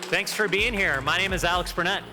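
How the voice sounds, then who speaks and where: A man's voice: sits high, fairly quick, in a large hall, loud music behind the voice, a loud crowd. A man co-hosting a conference contest on stage, playing the self-deprecating straight man in the banter. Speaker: co-host. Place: hotel conference hall.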